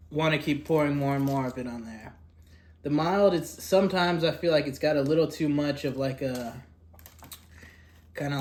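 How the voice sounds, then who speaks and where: A young man talking casually about fast food in an eating vlog. He rambles, fills pauses with "like" and "kinda", and talks while eating. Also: mid-range voice. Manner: rambling, filler-heavy, drifting softer and louder. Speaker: food vlogger.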